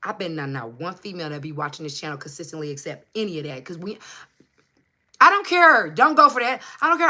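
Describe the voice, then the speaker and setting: A bright, forceful woman talks into her phone at home in a casual livestream pep talk. She is passionate and emphatic, drives points home by repeating them, and swears freely. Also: mid-range voice, animated, brisk. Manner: emphatic and repetitive. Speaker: motivational channel host. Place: at home under a hot light.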